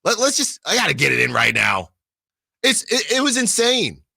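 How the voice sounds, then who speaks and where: A man with a fairly high, bright, forceful voice is telling a story on a sports radio show. He talks in an animated way, acts out the quotes and restarts his sentences a lot. The sound is dry and close to the mic. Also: moderate pace, gravelly, slightly rough, no echo. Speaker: sports radio fill-in host.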